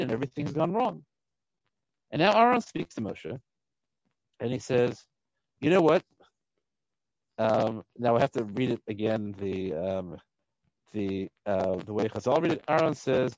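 Male Torah teacher, mid-pitched, reads Hebrew verses and explains them, keeps asking "right?", lo-fi dry audio. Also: no echo. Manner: animated, frequent "right?" checks. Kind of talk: text study lesson.

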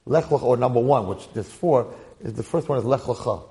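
A man gives a Torah class, his voice gravelly and mid-pitched. He tells the story energy, repeating phrases and acting out the quotes. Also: animated, fairly quick, warm tone. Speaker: rabbi teaching the weekly Torah portion.

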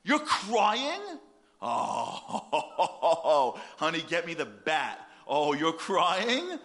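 An exasperated, sarcastic father making comic threats, as a preacher puts him on. His voice leaps high and swings widely as he scolds. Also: huge pitch swings, extremely slow, fairly bright tone, heavily acted. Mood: mock threatening. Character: exasperated scolding father, middle-aged man.

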